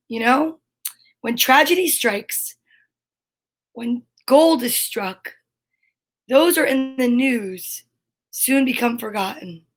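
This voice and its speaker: A woman's voice: on the high side, a bit bright. A woman hosting a children's story time in a cheerful, goofy way, reading out long lists of names. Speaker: host of a kids' story time show. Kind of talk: casual chat to children.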